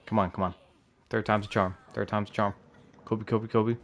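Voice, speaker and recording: A young man with a low, gravelly voice full of vocal fry, trading crude, laughing banter with a friend mid-game. He speaks through a headset over voice chat. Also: flat delivery, fairly quick, fairly bright tone. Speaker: co-player. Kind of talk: casual gaming chat.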